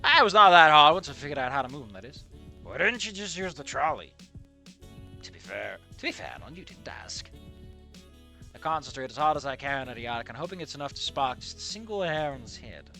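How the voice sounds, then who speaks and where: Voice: medium pitch, sing-song, fast, sharp tone, soft background music. A fanfic reader reading aloud with casual, profane, jokey asides and live commentary.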